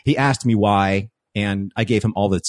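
A man's voice: lowish voice, moderate pace, no echo, studio quality. A man casually telling a long story, with restarts and quoted dialogue along the way.

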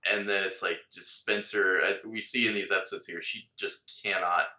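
Deep-voiced man, bright and roomy. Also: steady tone, moderate pace. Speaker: podcast co-host. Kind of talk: casual chat. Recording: roomy echo.

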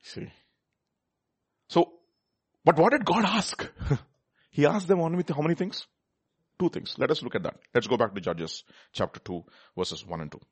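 A male preacher whose fairly high voice swoops up and down as he works through scripture. He keeps tossing questions to his listeners and laughs between points. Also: normal speed, long pauses, slightly rough. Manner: animated, questions the audience, reads scripture aloud, laughs often. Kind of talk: sermon.

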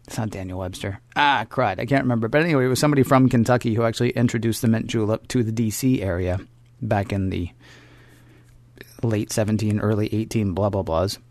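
A man's voice: on the low side, steady tone, fast talker, no echo. A man co-hosting a podcast in casual chat, rambling through jokey asides and laughing at himself. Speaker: podcast co-host.

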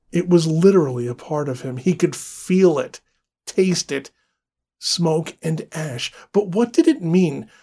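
A man narrating a dark horror story in a measured, deliberate way. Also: on the high side, breathy edge.

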